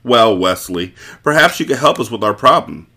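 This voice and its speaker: A man's voice: lowish voice, expressive, normal speed, pushed and bright, full character voice. A man voicing a haughty, teasing countess. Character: haughty seductive noblewoman, a countess.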